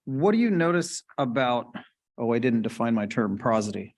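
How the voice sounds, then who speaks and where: A man presents a webinar talk in an easy conversational way. He explains as he goes, keeps asking "right?" and invites the audience to call out answers. His voice sits at a middle pitch. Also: sing-song, normal speed, darkish tone. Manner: explains casually, checks in with frequent "right?", asks the audience questions. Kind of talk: conversational lecture.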